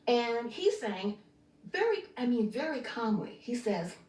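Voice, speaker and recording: A woman with a higher voice talks in an animated, conversational way for a documentary interview. Her voice is roomy and sits a little back from the mic. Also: a little slow, distant mic. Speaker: commentator interviewee.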